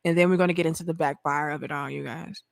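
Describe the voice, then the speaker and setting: A woman's voice: low voice, fairly even intonation, quick pace, vocal fry, no room sound, clean studio sound. A woman hosting a casual commentary vlog, blunt and profane, talking straight to her viewers. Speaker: host.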